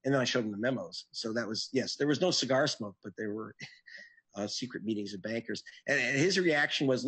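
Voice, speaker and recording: Man, reporter being interviewed, husky, average pitch, earnest and animated. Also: a little fast. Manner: earnest, animated storytelling with sudden pitch jumps. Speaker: investigative reporter. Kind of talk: interview answers.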